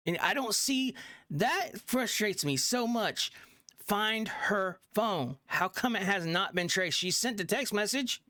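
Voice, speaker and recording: A reaction host talking slowly over clips in casual commentary, pushing the same questions again and again in frustration. The pitch swings widely while the pace stays unhurried, and the dry, close sound has almost no room around it. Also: bright, forceful tone, no room sound. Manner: frustrated, repeats questions insistently.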